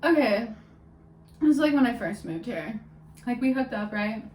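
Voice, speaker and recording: A young woman chats through a gossipy storytime vlog, her high voice leaning on "like" at every turn. She sits some distance from the mic, so the room rings around her words. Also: animated, moderate pace, darkish tone, slight background noise. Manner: gossipy, peppered with "like", laughing often. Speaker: vlogger. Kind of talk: casual storytime chat. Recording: roomy sound from a distance off the mic.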